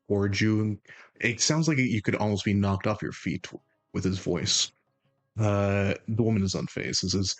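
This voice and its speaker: A man narrating a tabletop game as game master, in a halting way with many restarts. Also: fairly low pitch.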